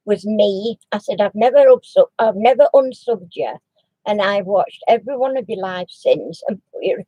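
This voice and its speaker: A woman chats away on a home craft live stream, rambling and restarting as she goes. Her voice is warm and mellow, and the sound is close and dry with no room echo. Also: on the high side. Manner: chatty and rambling, with many restarts; coos baby talk to her dog. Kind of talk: casual live-stream chat.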